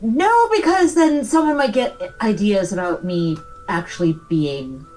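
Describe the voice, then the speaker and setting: A woman playing a tabletop role-playing game, talking in character in a drawn-out, coaxing way. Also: medium pitch, expressive, darkish tone, soft background music, low-quality recording.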